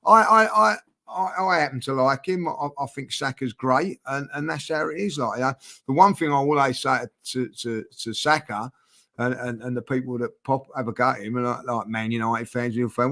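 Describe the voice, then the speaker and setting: A man hosting a casual football podcast, speaking haltingly and filling his talk with repeated words and "you know". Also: medium pitch, sharp tone. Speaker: channel host.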